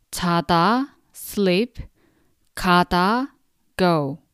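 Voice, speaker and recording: A young woman teaches a podcast language lesson with a patient, encouraging manner. Her voice is remarkably smooth and resonant, and it sits close and dry with no room sound. She slows down on each word so listeners can repeat after her. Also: mid-range voice, no room sound. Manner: patient, encouraging, pronounces words slowly for repetition.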